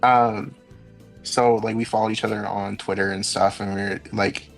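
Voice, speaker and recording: A man speaking as a podcast guest, earnest and halting, with lots of fillers. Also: on the low side, little pitch movement, gravelly, faint music behind, poor audio. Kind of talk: casual podcast chat.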